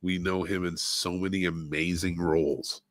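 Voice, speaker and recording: A man's voice: low voice, fairly even intonation, normal speed, fairly bright tone, no echo, studio quality. A man co-hosting a film podcast in casual chat, enthusiastic and stopping often for "uh". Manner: enthusiastic, listy, many "uh" fillers. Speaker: podcast co-host.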